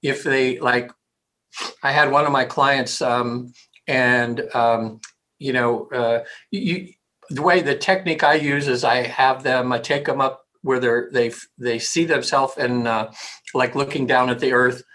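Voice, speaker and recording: Man, hypnotherapist, casual interview, rambling, keeps clearing throat. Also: mid-range voice, fairly even intonation, a little slow, sharp tone, low-quality recording.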